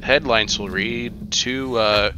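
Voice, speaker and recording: A man's voice: medium pitch, slow pace, music in the background. A man streaming a video game, making sarcastic, joking commentary and laughing often. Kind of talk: gameplay commentary.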